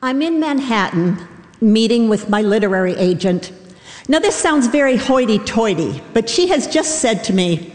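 A woman's voice: on the high side, very animated, moderate pace. A middle-aged woman telling a self-deprecating, wry personal story live on a theater stage. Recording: roomy hall reverb.

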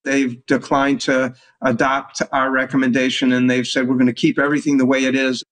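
A man's voice: medium pitch, level tone, fairly quick, a bit bright. A man, a doctor, answering an interview question in a plain, matter-of-fact way, a little away from the mic.

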